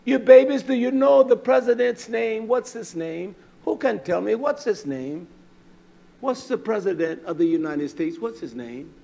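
A man preaching a combative, fiery sermon who swears freely, repeats lines for emphasis, often breaks into shouts, and fills pauses with "uh". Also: high voice, expressive, vocal fry. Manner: often shouts, with many "uh" fillers.

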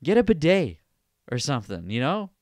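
A man's voice: fairly high pitch, huge pitch swings, normal speed, no echo. A young man hosting a solo podcast, ranting casually with plenty of swearing and sarcasm. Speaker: podcast host.

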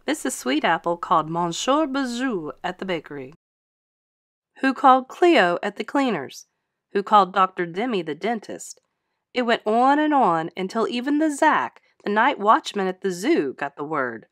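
A woman teacher reading a children's picture book aloud in an expressive, sing-song storytelling voice, close to the mic. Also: mid-range voice, moderate pace, dry recording.

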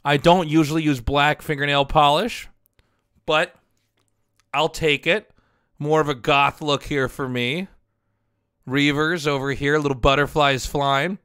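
Laughing man, crisp bright voice. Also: on the high side, steady tone, measured pace, pauses often, no echo, studio quality. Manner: laughs often, amused asides, swears. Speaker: streamer reviewing fan drawings. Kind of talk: casual stream commentary. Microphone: headset.

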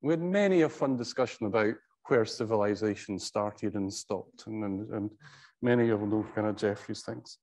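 A middle-aged man, a professor, giving an anecdotal tribute speech in a conversational, halting way, with wry storytelling and frequent restarts. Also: lowish voice, a little mellow.

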